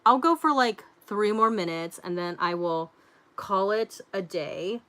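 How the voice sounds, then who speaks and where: A woman's voice: medium pitch, animated, unhurried, a bit bright. A woman hosting a casual livestream, reading viewer comments aloud and chatting in a rambling way with lots of fillers and frequent laughter. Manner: laughs often.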